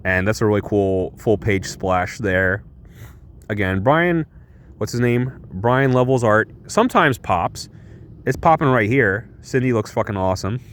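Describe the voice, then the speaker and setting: A man's voice: lowish voice, measured pace, slight background noise. Rambling, enthusiastic man reviewing comics. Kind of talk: casual video review.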